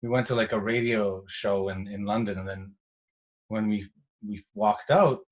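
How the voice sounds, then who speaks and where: Animated man telling studio stories. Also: on the low side, normal speed. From Canada. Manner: animated storyteller, acts out quotes, swears. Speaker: guest house music producer. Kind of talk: casual chat.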